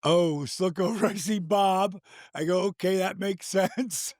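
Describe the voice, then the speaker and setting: An older man with a gravelly voice, animated and swearing freely as he tells a story in casual chat, acting out the quotes. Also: high-pitched, measured pace, no echo, clean studio sound. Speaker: guest.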